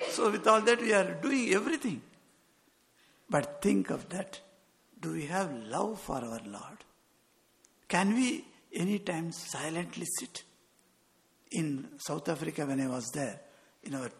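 A monk gives a spiritual talk, telling stories earnestly and quoting dialogue. His voice is on the high side and creaky, and a long hall reverb trails behind it.

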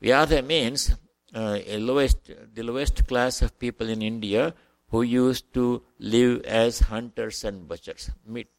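A man delivers a spiritual talk in a measured, reflective way, now and then stopping to rephrase. His voice sits at an ordinary middle pitch. The recording is close and dry. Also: fairly even intonation, dry recording. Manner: measured, reflective, with occasional pauses and restarts. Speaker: spiritual teacher. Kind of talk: scriptural talk with reading aloud.

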